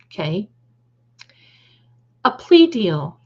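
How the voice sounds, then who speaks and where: A woman's voice: mid-range voice, very animated, extremely slow, a little mellow, highs cut off. A woman hosting a casual livestream, reading the chat aloud, calling her viewers darling and adding snarky, opinionated asides. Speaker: livestream host.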